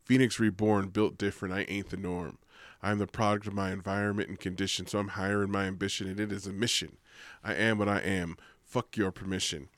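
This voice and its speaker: A man who co-hosts a podcast, reciting a spoken-word poem with a forceful rhythm and then chatting casually with plenty of profanity. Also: deep voice, flat delivery, fairly quick, no echo. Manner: rhythmic, forceful delivery in the poem; profane, laughing banter in chat. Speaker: podcast co-host.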